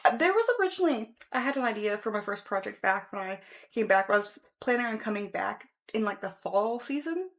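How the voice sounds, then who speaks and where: A woman's voice: mid-range voice, animated, a little fast, few pauses. A woman vlogging casually from a room at home, chatting in a rambling way and correcting herself as she goes. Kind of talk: casual vlog chat.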